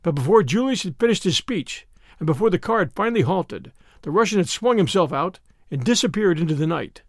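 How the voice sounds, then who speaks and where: A man narrating a novel in an expressive, animated reading. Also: high-pitched, fairly quick, no echo, studio quality. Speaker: audiobook narrator. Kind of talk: scripted narration.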